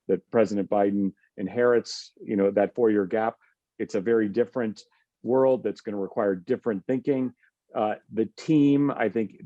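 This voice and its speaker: A man on a policy panel, speaking in a measured way with many fillers and restarts. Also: medium pitch, dark tone, no echo, muffled recording.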